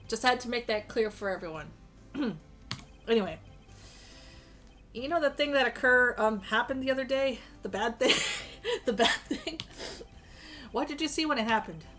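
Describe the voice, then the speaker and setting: A woman's voice: fairly high pitch, animated, a little slow, long pauses, fairly bright tone, soft background music. A woman streaming a game, reading the dialogue aloud with joking, crude asides and a strained voice.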